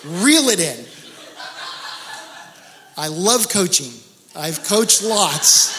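A middle-aged male pastor preaching a sermon with animated, joking storytelling. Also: high voice, a little hiss or hum. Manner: animated storytelling with laughs and exclamations.

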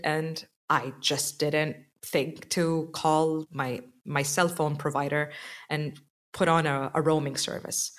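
A young adult woman telling a personal story in a casual chat, animated and acting out the quotes. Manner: animated, acts out quotes with rising pitch. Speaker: podcast guest.

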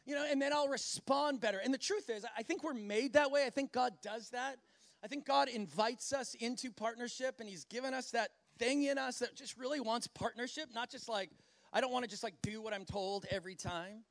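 High-voiced, gravelly male preacher. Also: fairly quick, no room sound. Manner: animated, acts out God's voice, laughs often. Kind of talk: sermon.

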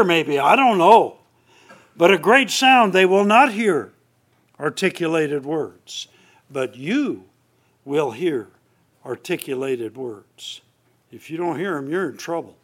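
A man teaching a Bible class, reading scripture aloud slowly and swinging between emphatic lines and hushed ones. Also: sits high, animated.

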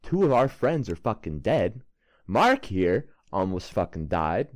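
A man's voice: sits low, very animated, unhurried, darkish tone, voice pushed down. A man voicing a brash, swaggering male investigator with a put-on New York accent who swears a lot.

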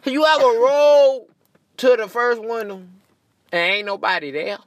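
A man doing a profane, animated comedic rant, laughing at his own jokes. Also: very high-pitched, a little slow. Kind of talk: stand-up style comedic rant.

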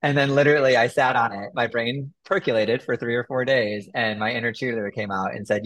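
A man of ordinary pitch talks about his book in a relaxed interview. He tells his story with frequent laughter and animated retellings of conversations. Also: normal speed. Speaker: author guest.

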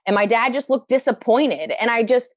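A young woman stand-up comedian, appearing as a guest, tells stories about her family in casual conversation, packed with fillers and animated quoted asides. Her voice is fairly high at normal speed, recorded dry in studio quality.

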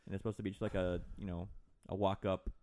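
A man's voice: low voice, little pitch movement, fast, a little mellow. A man co-hosting a podcast, chatting casually about a film and sharing trivia, often restarting his sentences. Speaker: podcast co-host. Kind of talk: casual movie commentary chat.

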